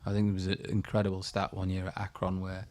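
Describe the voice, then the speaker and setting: Low-voiced golfer telling stories. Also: male voice, quick pace. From England. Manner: animated anecdotes, acts out voices. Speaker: golfer guest. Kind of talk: storytelling interview.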